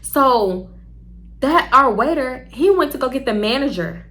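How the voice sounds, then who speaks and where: A young woman, chatty and animated, telling a storytime to camera and talking straight to her viewers. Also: high voice, a little slow. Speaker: storytime vlogger.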